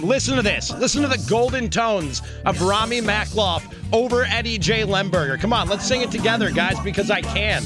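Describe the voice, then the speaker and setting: A man guest-hosting a sports talk radio show, loud and playful, talking fast and now and then singing his lines. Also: high-pitched, lively intonation, over loud music. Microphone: studio microphone.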